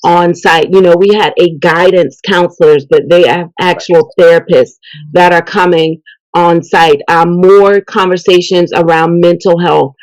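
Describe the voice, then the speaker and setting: A woman's voice: lowish voice, measured pace, no room sound, poor audio. A middle-aged woman, a mentor speaking earnestly about her work and faith in an interview. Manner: earnest, faith-filled, animated. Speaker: event host and youth mentor. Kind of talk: interview guest. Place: local TV interview.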